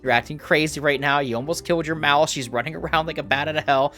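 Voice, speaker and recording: A man's voice: on the high side, steady tone, fast talker, pushed and bright. A man doing a pleading female healer. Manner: pleading, then threatening. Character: kindly female healer in the infirmary.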